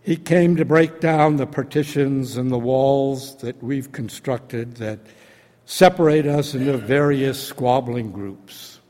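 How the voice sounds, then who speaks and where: A man preaching a sermon, retelling a story in a slow, deliberate, dramatic way. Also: medium pitch, dark tone. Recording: long hall reverb.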